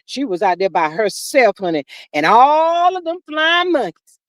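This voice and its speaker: Lady on a livestream, high voice, sassy and animated, dry close mic. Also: no echo. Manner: animated, sassy, drawn-out commentary with frequent "child" and "honey". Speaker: livestream host reading chat. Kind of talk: casual livestream chat.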